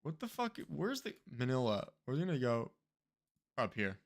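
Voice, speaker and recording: A young man streaming himself playing a geography guessing game, excitable and swearing freely, with loud outbursts. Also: mid-range voice, moderate pace. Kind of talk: live-stream reaction commentary.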